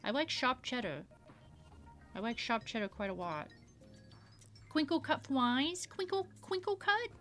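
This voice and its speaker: A sugary uwu baby-talk girl, as a woman streamer puts her on, lisping and stretching her questions out in a voice that sits a bit high. Faint music plays under her chat. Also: animated, a little slow, pauses often, a bit bright. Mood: playful. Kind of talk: casual live-stream chat while drawing.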